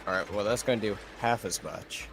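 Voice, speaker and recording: A man playing in a tabletop game, halting as he works out the rules aloud. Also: fairly low pitch, noisy background. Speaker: player. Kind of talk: casual chat at a game table.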